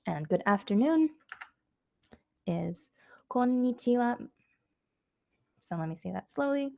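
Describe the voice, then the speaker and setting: A woman giving a casual online language lesson, chatty and loose with lots of fillers, saying practice phrases slowly and clearly. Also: fairly high pitch, lively intonation, darkish tone, no room sound, studio quality. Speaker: Japanese language teacher.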